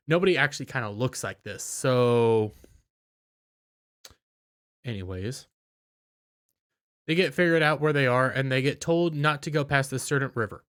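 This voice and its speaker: A tired man giving a casual, rambling spoken recap of a TV episode, with halting restarts. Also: mid-range voice, lively intonation, a bit bright. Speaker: video reviewer.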